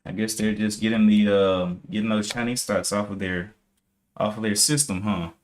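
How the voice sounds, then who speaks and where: A man's voice: lowish voice, fairly even intonation, normal speed, a little hiss or hum. A man streaming live day trading, casually thinking aloud, reading out viewer comments and correcting himself as he checks charts.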